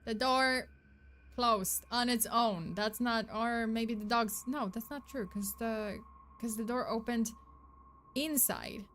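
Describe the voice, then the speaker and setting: A woman's voice: on the high side, takes it slowly, fairly bright tone, slight background noise. A woman streamer casually commenting on videos, rambling with many fillers and self-corrections. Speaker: streamer host.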